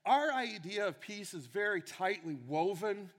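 A man's voice: high voice, lively intonation, measured pace, a bit bright, long reverb tail. A man preaching a sermon, earnest and emphatic, repeating key phrases for weight.

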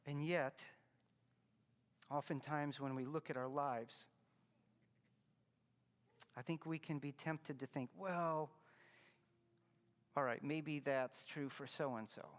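A man's voice: a little high, fairly even intonation, takes it slowly, long pauses, in a large hall. A man preaching a Christmas sermon, earnest and teaching, pressing hard on key words. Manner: earnest, teaching, rising to emphatic stresses. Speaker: pastor.

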